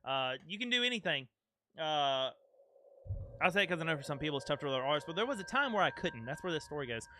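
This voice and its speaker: A man's voice: a little high, sharp tone. A young man streaming a game, chatting casually and playfully with his chat. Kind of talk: casual live-stream chat over gameplay.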